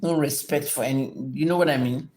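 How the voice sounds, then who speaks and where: A woman's voice: sits low, a little fast, darkish tone. A middle-aged woman rants on her livestream, lecturing and cursing at commenters. Her delivery is blunt, scolding and combative as she answers viewers. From Nigeria. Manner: combative, scolding, heavily profane. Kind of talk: livestream rant and Q&A.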